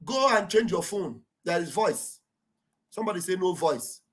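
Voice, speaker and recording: A woman hosting an online show, giving fervent, repetitive political commentary that often rises to shouting. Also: on the low side, animated, normal speed.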